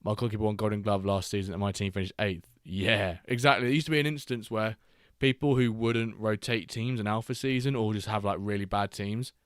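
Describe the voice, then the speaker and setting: A man co-hosting a live match watchalong stream in casual chat, bantering, swearing freely and bursting into excited calls of the play. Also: fairly low pitch, brisk, hardly any pauses, no room sound, studio quality. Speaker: stream co-host.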